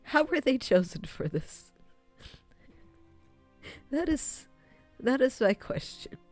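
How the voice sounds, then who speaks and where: A woman's voice: high voice, big pitch swings, slow pace, soft background music. A woman streaming a visual novel, talking casually and sarcastically at the characters, laughing in disbelief. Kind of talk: casual gameplay commentary.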